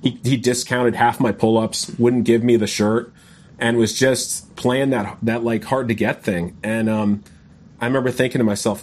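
A man's voice: mid-range voice, fairly even intonation, moderate pace, a little mellow. A man telling a long personal story in a casual podcast chat, rambling and often saying "man" and "you know". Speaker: guest.

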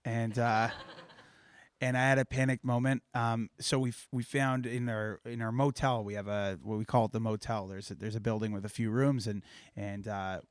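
A man's voice: on the low side, flat delivery, normal speed, clear, resonant tone, dry recording, studio quality. A man organizing a camp event, telling a story casually and hesitantly, with many fillers. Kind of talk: casual live chat.

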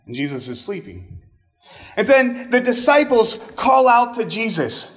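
High-voiced man preaching casually. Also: very animated, a little slow. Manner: casual, chatty asides with fillers like "like" and "I mean". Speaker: pastor. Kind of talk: conversational sermon.

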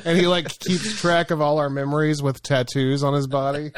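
A man's voice: fairly high pitch, flat delivery, moderate pace, background noise. A young man co-hosting a podcast in casual chat, laid-back and laughing often. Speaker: podcast co-host.

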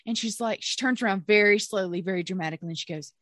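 A woman's voice: medium pitch, racing, no room sound, studio quality. A woman, co-hosting a podcast and telling a story in casual chat, laughing often and acting out what she and others said. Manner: animated, laughing storyteller who acts out her own quotes. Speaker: podcast co-host.

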